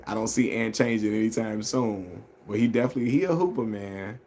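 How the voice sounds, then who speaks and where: A man's voice: on the low side, brisk, warm tone. Slangy man riffing on basketball. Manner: loose slangy talk, repeats phrases, laughs often. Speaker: live stream host reading chat. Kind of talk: casual sports chat.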